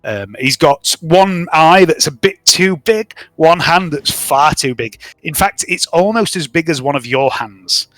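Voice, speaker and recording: Lively game master. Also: male voice, fairly high pitch, a little slow, few pauses, dry recording, soft background music. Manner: chatty, descriptive, laughs easily. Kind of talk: narrating a tabletop game.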